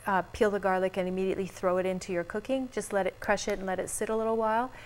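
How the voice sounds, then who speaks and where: Calm woman doctor explaining health tips. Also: mid-range voice, rapid-fire, a little hiss or hum. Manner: calm, explanatory, laughs easily. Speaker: physician guest. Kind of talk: casual TV health chat. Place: TV studio.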